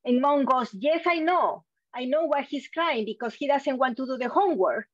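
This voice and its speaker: A woman's voice: high-pitched, animated, moderate pace, dry recording, dull audio. A woman interpreting for a parent on a video call, relaying her words with fillers. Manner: relaying speech with fillers, acting out quotes.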